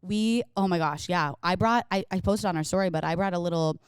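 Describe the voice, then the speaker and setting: A woman's voice: fairly low pitch, brisk, clear, resonant tone, no room sound, clean studio sound. A young woman hosting a podcast, chatting casually in an earnest, supportive and rambling way. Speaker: podcast host. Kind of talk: casual chat.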